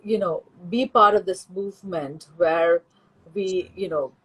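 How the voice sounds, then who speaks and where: Woman host, husky voice, measured and chatty, many fillers. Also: fairly low pitch, poor audio. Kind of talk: casual interview conversation.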